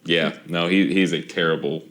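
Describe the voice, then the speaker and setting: A young man co-hosting a podcast, easygoing and quick to laugh. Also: very deep voice, fairly even intonation, fairly bright tone. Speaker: podcast co-host. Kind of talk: casual podcast chat.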